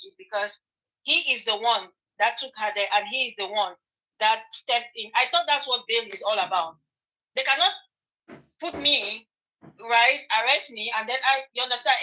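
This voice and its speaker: A high-pitched woman hosts a gossip channel in a heated rant. Her voice is bright and sharp, and she argues point by point, firing questions back at her critics. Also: poor audio. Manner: heated, argumentative, addresses critics directly. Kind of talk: ranting commentary monologue.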